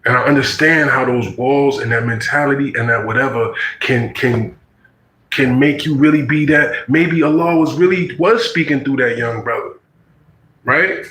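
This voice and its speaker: Man, 40s, casual storyteller; animated, slangy delivery, bright tone, echoey room. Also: medium pitch, normal speed. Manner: animated, slangy, acts out quoted voices.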